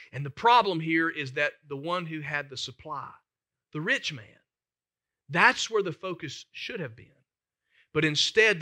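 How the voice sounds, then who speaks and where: A man's voice: high-pitched, bright, forceful tone. A man preaching a sermon as pastor, emphatic and conversational, putting questions to the congregation.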